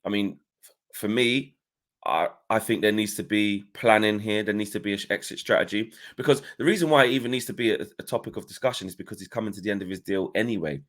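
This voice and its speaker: Energetic lower-pitched male podcast host. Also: fast talker. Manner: energetic, chatty, many fillers and restarts. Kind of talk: casual football podcast chat.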